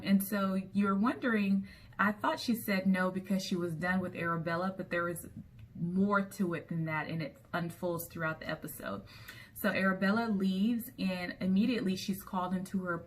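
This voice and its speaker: Woman, fairly low voice, casual episode recap, chatty storytelling, filler ums. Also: a little hiss or hum. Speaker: TV episode reviewer.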